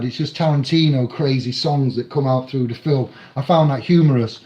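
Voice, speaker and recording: A man casually recapping a film in a rambling, halting way, with many fillers and restarts. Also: mid-range voice, dark tone. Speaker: film reviewer. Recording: dull lo-fi audio in an echoey room.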